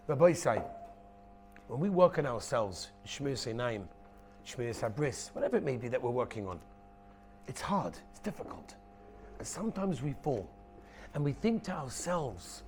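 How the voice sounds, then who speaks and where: A rabbi giving a lively Torah lecture, emphatic, repeating his key phrases and acting out stories. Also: medium pitch, normal speed, breathy edge.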